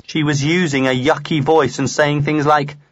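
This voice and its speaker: A man reading a comic diary aloud in the first person, earnest and lively. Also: on the high side, moderate pace, no room sound. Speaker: audiobook reader.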